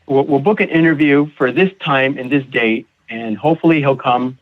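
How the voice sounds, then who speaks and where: A man guest on a recovery podcast, telling his personal story in a halting way, repeating words and acting out what others said. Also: medium pitch. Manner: halting, repeats words, acts out quoted voices. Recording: tinny phone-like audio.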